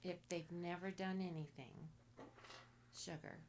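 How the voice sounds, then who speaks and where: A woman guest on a casual podcast, soft-spoken and nearly whispering at times, giving blunt advice in short commands. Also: on the low side, steady tone, measured pace, slight background noise. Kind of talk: casual interview.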